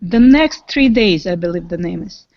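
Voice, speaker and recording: A woman's voice: fairly low pitch, expressive, normal speed, dull audio. A woman speaking as a guest in a casual group video-call chat, thoughtful and hesitant, with many fillers.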